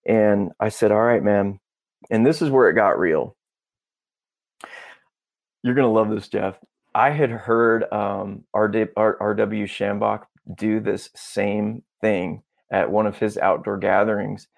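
Gravelly low-voiced man telling a story. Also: measured pace. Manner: animated, acts out dialogue, peppers talk with "bro" and "dude". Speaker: podcast guest. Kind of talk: casual storytelling.

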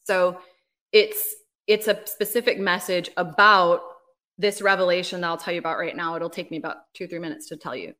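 Bright-voiced woman telling a testimony. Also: fairly low pitch, a little fast. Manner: animated storyteller, frequent "like" and "right?". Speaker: ministry leader, podcast guest. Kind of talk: casual interview, personal testimony.

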